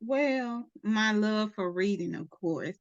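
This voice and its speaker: A woman from Mississippi with a Southern accent, a guest author chatting in a lively, casual way with drawling slang and laughter. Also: medium pitch, takes it slowly, no echo, highs cut off. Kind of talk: casual interview chat.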